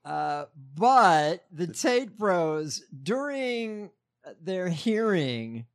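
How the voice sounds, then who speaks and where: A man's voice: high voice, very animated, extremely slow. A man co-hosting a casual news podcast, bringing up stories with many ums and uhs and dry asides. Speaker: podcast co-host presenting stories.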